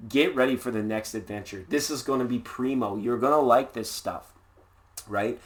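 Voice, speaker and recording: Man, tarot host, casual live reading, upbeat, jokey, rambling, medium pitch. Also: moderate pace, fairly bright tone. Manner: playful, jokey, rambling with puns; laid-back and upbeat.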